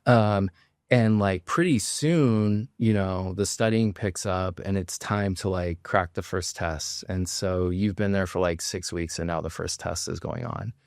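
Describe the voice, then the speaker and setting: A man's voice: low-pitched, a little slow, darkish tone, no room sound, clean studio sound. A man in his forties, a podcast guest, telling a rambling story with many fillers in casual chat, near tears. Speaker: podcast guest, plastic surgeon.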